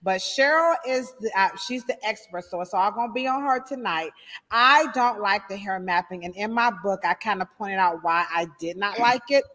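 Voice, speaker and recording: A woman hairstylist, hosting a casual live stream with animated shout-outs and playful asides. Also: medium pitch, normal speed, long reverb tail.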